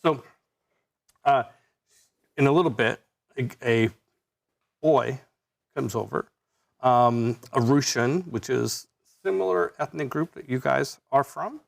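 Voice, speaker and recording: A man narrating as game master of a live tabletop game, talking haltingly with many fillers and restarts. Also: medium pitch, gravelly.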